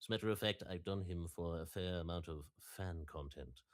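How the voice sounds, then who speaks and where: A man voicing a refined, gentlemanly male professor who speaks in a measured, courteous way. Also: deep voice, lightly acted. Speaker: guest voice impressionist.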